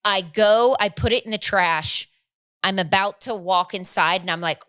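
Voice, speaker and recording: Animated woman telling a story. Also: medium pitch, normal speed, clear, resonant tone. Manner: animated storytelling with laughs and acted quotes. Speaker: podcast co-host. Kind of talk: casual chat.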